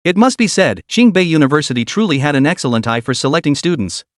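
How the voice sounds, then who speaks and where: A man narrating a fantasy story recap in a steady, dramatic storytelling manner. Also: on the high side, fast talker, no echo, studio quality.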